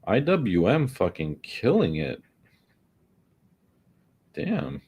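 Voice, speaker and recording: A man's voice: sits low, measured pace. A man giving casual, profane, grumbling commentary as he day trades on stream. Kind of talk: casual live commentary while trading.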